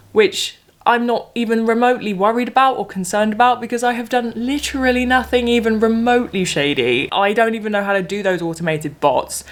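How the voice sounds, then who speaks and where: A young woman vlogging in a chatty, ranting way. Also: medium pitch. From England. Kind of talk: casual vlog chat.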